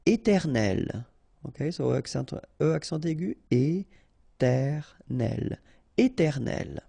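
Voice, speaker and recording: A native French-speaking man with a French accent, a teacher running a pronunciation drill who slowly and patiently repeats and spells out each word. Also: fairly high pitch, very animated, creaky, warm tone, breathy edge, dry recording. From France.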